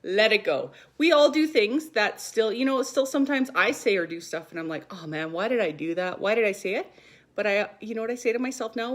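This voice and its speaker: A woman in her thirties from Canada, a spiritual coach chatting casually and upbeat on a live stream, a little short of breath, reading viewer comments aloud. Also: on the high side.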